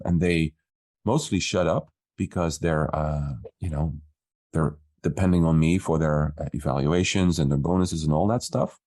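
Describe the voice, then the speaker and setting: A man's voice: very deep voice, moderate pace. A man, a business coach, casually telling a story from his work and acting out what people said. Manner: relaxed storyteller, acts out quoted dialogue.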